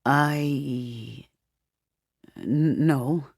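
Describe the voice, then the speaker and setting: A shaken young man stammers through his words, low and quiet, as a woman reads him. He sounds lost and unsure of himself. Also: extremely slow, gravelly, dry recording, studio quality, heavily acted. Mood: dazed. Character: dazed, confused young man, newly arrived.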